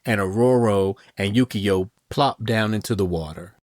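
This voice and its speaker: Over heavy background noise, a podcast host with a lowish voice speaks at normal speed, casually recapping a comic book. He tells it chattily, acting out characters' lines with "and she goes."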